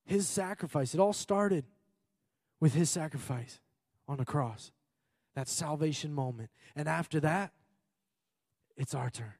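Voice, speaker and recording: A man's voice: a little high, normal speed, pauses often, darkish tone, no echo, studio quality. A man from Minnesota preaching an earnest sermon as pastor, repeating phrases for emphasis. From Minnesota, USA. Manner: earnest and emphatic, with frequent repetition and occasional laughter.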